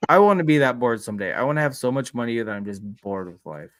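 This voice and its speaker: A man from Minnesota joking through a casual podcast, laughing often and cursing freely. His voice sits at an ordinary pitch and sounds dry and close. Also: expressive, fast talker, dry recording. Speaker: co-host.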